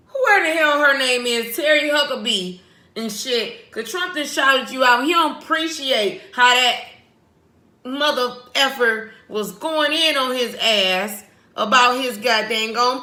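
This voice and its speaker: A woman's voice: high voice, animated, unhurried, pushed and bright, echoey room. A woman talking casually and profanely as she reacts to news clips, often breaking into laughter. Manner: profane, laughing, sings a chant. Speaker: vlogger commenting on news clips. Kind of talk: casual commentary.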